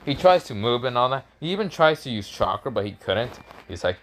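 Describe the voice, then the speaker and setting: A man rambling through an improvised fan story, halting with fillers and restarts. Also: lowish voice, expressive, fairly bright tone, slight background noise.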